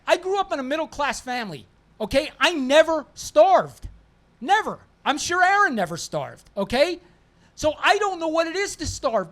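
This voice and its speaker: High-voiced emphatic male talk show host. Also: fairly bright tone, dry recording. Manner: emphatic, repeats points for stress. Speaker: former police officer. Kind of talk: call-in talk show chat.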